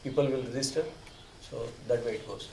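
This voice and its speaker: A man in the audience sharing information, halting, with frequent fillers. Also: mid-range voice, dark tone, slight background noise. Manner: halting, with frequent "you know". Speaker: audience member. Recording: echoey room, voice from far off.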